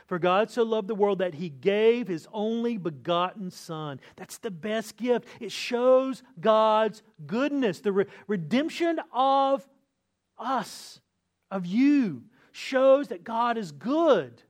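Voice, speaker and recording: A middle-aged man preaching a sermon as a pastor, earnest, slowing down and lifting his voice on key words. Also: sits high, animated. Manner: earnest preaching, slows and lifts voice for emphasis.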